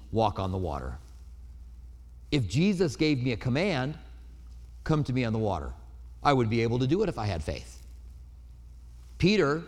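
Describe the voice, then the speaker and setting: A man preaching a sermon in an earnest, storytelling way, with personal anecdotes. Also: mid-range voice. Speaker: pastor. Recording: reverberant hall.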